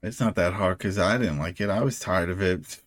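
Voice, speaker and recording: A man with a low voice, speaking at normal speed, co-hosts a podcast where he casually recaps a TV episode, acting out characters' lines as he retells scenes.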